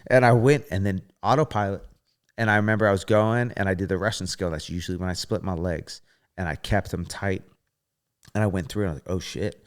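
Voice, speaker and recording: A man in his thirties, a podcast guest, telling a story in a casual, animated way, swearing often and acting out what people said. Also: deep voice, a little fast. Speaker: podcast guest, former gymnast.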